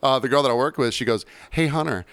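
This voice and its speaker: A man's voice: mid-range voice, fast, smooth, no echo. A man in casual chat telling a profane story about his bartending shift, acting out the voices of the people in it. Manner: animated, profane, acts out quoted voices.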